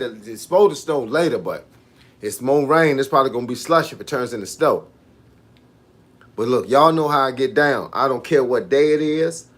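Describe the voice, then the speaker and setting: A fitness coach, a man with a slightly high and a bit bright voice, hosts a laid-back livestream chat. He tends to start with "hey, look" and reads out his viewers' comments, answering them as he goes.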